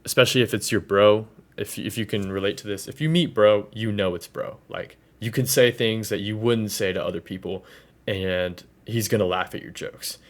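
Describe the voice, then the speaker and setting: A man's voice: fairly low pitch, steady tone, moderate pace. A man in his twenties ranting casually to the camera about college, slangy and full of fillers. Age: 20s. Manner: loose, slangy, lots of fillers. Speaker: vlogger. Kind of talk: casual rant.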